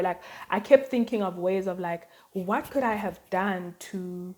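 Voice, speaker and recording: Woman, vlogger, casual chat, filler-heavy storytelling, medium pitch. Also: measured pace, hardly any pauses, darkish tone. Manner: chatty, storytelling, many fillers and "like".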